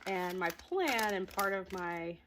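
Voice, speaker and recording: A woman vlogging about crafts in a chatty, excited way, a little out of breath. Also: lowish voice, slow, noisy background. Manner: excited, chatty, laughs often. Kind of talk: casual chat to camera.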